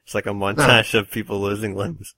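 Bright-voiced man joking crudely. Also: on the low side, steady tone, brisk, dry recording. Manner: crude, laughing, provocative jokes. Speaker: podcast co-host. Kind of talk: casual chat.

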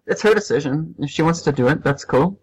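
Man co-host, husky voice, easygoing banter, quick shocked reactions. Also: fairly high pitch, expressive, a little mellow, low-quality recording. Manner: laughs a lot, reacts with shocked exclamations. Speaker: podcast co-host. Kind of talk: casual chat.

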